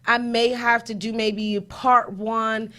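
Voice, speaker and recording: Woman, high voice, emphatic, rhetorical questions, live-stream host. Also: level tone, slow pace, sharp tone. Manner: emphatic, preachy, repeats points, rhetorical questions. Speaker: host, accountant.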